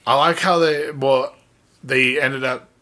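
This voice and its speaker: Bright-voiced man joking casually. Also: mid-range voice, steady tone. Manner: laid-back, jokey, quick laughs. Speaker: podcast co-host. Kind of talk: casual chat. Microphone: remote call mic.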